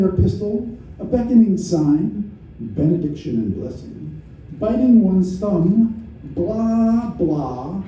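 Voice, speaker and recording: New york guy reading poems deadpan, kinda high voice, far off in a super echoey room. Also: a little hiss or hum. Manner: wry, deadpan delivery with repetitions. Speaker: poet reading his work. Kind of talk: spoken-word poetry reading. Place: small variety show venue, live.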